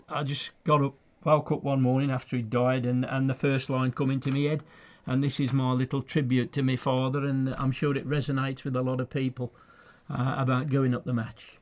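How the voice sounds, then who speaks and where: This is a man, speaking as a studio guest on a local radio show. He talks earnestly and with emphasis, often repeating a word to press a point. His voice sits in a middle pitch for a man. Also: flat delivery, normal speed, few pauses. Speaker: studio guest and lifelong fan. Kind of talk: conversational radio interview and reciting his own poem.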